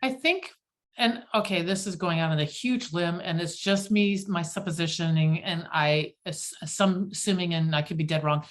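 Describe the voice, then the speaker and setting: A woman hosting a casual group chat, telling stories in an animated, self-deprecating way. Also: fairly low pitch, moderate pace.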